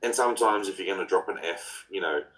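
A man's voice: deep voice, quick pace, a bit bright, low-quality recording. A man hosting a podcast, chatting in a blunt, laid-back way with swearing and banter. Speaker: podcast host. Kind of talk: casual podcast chat.

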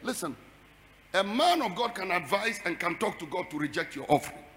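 A man preaching a fiery sermon, building his repeated phrases into shouted, sing-song climaxes. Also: high-pitched, animated, a little fast. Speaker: pastor. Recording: long hall reverb.

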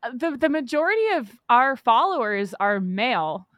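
A woman co-hosting a casual chat, easygoing and quick to laugh, sometimes trailing off quietly. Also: a little high, big pitch swings, dry recording, clean studio sound. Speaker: podcast co-host, maker.

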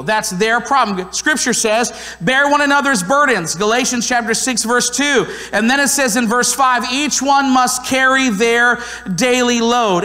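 A man's voice: very high voice, sharp tone. A man preaching a sermon as a pastor, talking in a conversational, earnest and emphatic way. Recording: long hall reverb.

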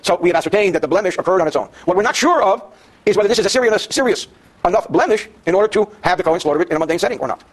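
A man's voice: high voice, lively intonation, rapid-fire. A man teaching a daily class on Jewish law to students in the room. He reads Hebrew passages, then translates them and explains them with jokes. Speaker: Torah teacher.

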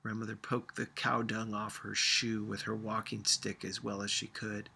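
A man reading a novel aloud for a class, in a measured storytelling manner. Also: vocal fry, breathy edge. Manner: measured storytelling, lively swings in pitch. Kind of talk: audiobook-style reading aloud.

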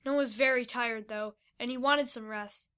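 A woman's voice: fairly high pitch, fairly even intonation, normal speed, pushed and bright, clear, resonant tone. A woman reading a children's adventure story aloud as narrator. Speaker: story reader.

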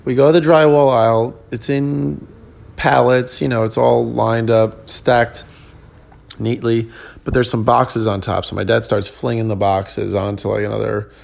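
Tired, gravelly-voiced comedian rambling. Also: male voice, medium pitch, little pitch movement, a little slow. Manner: rambling, many ums and restarts. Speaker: comedian podcast host. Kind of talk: casual solo chat.

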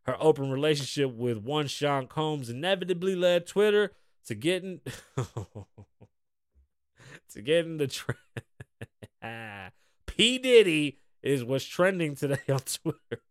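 Guy hosting his podcast, kinda high voice, rambly and cussing, dry close sound. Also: lively intonation, measured pace, pauses often, clear, resonant tone, no room sound. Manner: rambling, profane, laughs at his own stories. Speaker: podcast host. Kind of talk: casual chat.

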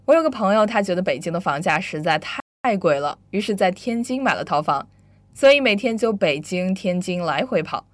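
A woman teaching English vocabulary and grammar, explaining slowly and clearly and moving between Chinese and English. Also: medium pitch, lively intonation, no echo. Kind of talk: bilingual English lesson.

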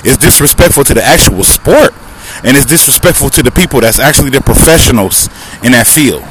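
His voice is mid-range, expressive, and brisk. He's a podcast host with a Southern American accent giving a casual monologue while walking near traffic, speaking emphatically and peppering it with rhetorical questions as cars pass amid light street noise.

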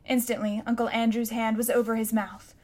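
A woman narrating a children's storybook in a calm, measured way. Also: on the high side. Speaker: audiobook narrator. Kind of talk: scripted narration.

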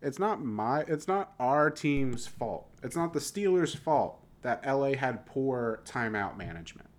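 A young man with a Southern American accent, co-hosting a casual sports podcast, animated and dropping the g on his -ing words. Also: medium pitch, measured pace. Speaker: podcast co-host.

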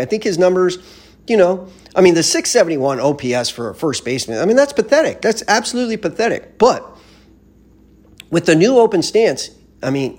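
Husky, profane baseball fan ranting. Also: male voice, a little high, darkish tone. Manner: blunt, profane, rambling. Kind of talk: casual sports rant.

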